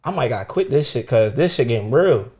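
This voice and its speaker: A young man, a comedian guest telling stories in casual chat, profane and animated, acting out the people in his stories. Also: medium pitch, quick pace.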